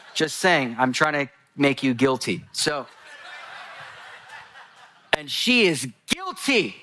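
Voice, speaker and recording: Male preacher, lively and animated delivery, joking asides with the congregation. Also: mid-range voice. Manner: animated storytelling, addresses congregation, jokes. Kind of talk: sermon.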